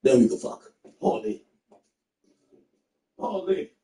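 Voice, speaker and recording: A man streamer chatting casually with his viewers while he plays, laughing and reading messages aloud to them in an animated way. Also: slow, reverberant, poor audio.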